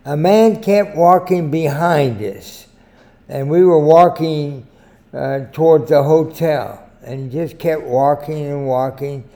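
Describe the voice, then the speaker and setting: Slow, gravelly older American man. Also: fairly high pitch, dark tone. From United States. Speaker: editorial host. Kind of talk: short spoken editorial with anecdotes.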